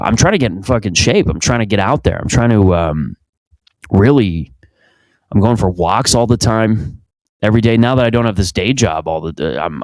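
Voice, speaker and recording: A man's voice: sits low, dry recording. A young man hosting from his home basement, rambling crudely through a casual comedic monologue and interrupting himself often. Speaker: podcast host.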